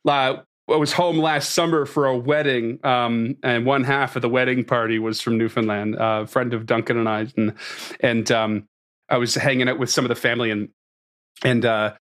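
Brief: guy, mid-pitched, chatty, laughs a lot, casual podcast banter. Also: steady tone, moderate pace, fairly bright tone. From Canada. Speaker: tabletop game player. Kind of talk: casual chat.

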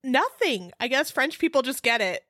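A woman's voice: high voice, animated, moderate pace, a bit bright, no echo, studio quality. A woman co-hosting a casual podcast chat, laughing often as she talks. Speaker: podcast co-host.

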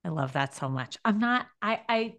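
A woman's voice: medium pitch, lively intonation, normal speed, fairly bright tone. A woman hosting a podcast interview, chatting casually and praising her guest enthusiastically. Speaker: podcast host.

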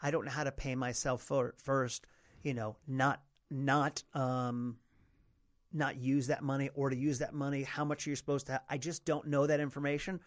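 A middle-aged male comedian telling stories in a casual podcast conversation, animated and freely profane. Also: mid-range voice, normal speed. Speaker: comedian guest.

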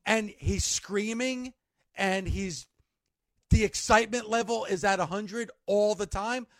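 A man's voice: very high-pitched, fairly bright tone, no echo. A man hosting a sports radio show, ranting emphatically with an exasperated, pleading push.

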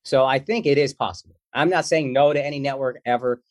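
A man who is a comedian, talking as a guest in a casual interview in an animated, joking and slangy way. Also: mid-range voice, fast talker, no echo, clean studio sound.

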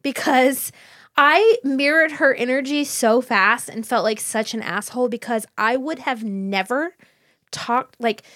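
A woman's voice: sits high, a little slow, a bit bright, no room sound, clean studio sound. A woman co-hosting a book podcast who chats casually, swears freely and acts out little quotes while telling stories. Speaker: podcast co-host. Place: podcast studio. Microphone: studio microphone.

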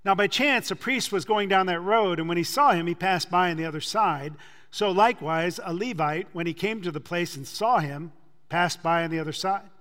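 A man preaching a sermon, retelling a scripture story with lively acted-out dialogue. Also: high-pitched, normal speed. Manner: animated storytelling, acting out quoted voices. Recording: long hall reverb.

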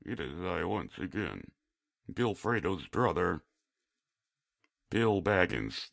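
A man putting on the croaky, strained voice of a man who speaks through a hole in his throat, delivering crude deadpan bits. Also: low-pitched, slow pace, heavily acted. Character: gravelly man talking through a throat stoma.

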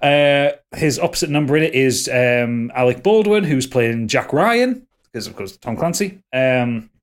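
A man's voice: mid-range voice, expressive, normal speed. A man chatting casually about films on a podcast, rambling with lots of fillers and restarts. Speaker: podcast host. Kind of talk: casual film discussion.

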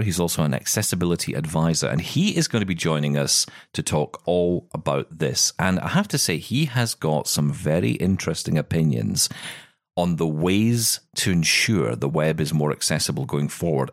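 A male podcast host with a low voice and a lively, bouncing delivery. He talks in an upbeat, jokey, chatty manner, recorded dry and close. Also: normal speed, no echo. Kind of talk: casual tech chat. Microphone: studio mic.

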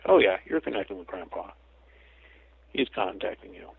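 Man, interview guest, gravelly husky voice, chatty storyteller, phone-line sound. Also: low voice, moderate pace. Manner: chatty storyteller, slips into lively quoted asides. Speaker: guest psychic medium. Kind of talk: casual interview chat. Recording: tinny phone line, dry.

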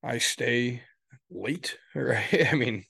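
A man's voice: medium pitch, very slow, gravelly, sharp tone, husky, dry recording, studio quality. A man co-hosting a podcast in casual chat, rambling and swearing, often tagging his points with "right?". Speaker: podcast co-host.

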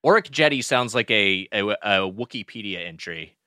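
A man's voice: lowish voice, animated, normal speed, sharp tone, dry recording, studio quality. A man co-hosting a podcast, joking and riffing playfully with his friends. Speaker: podcast co-host. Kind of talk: casual podcast banter.

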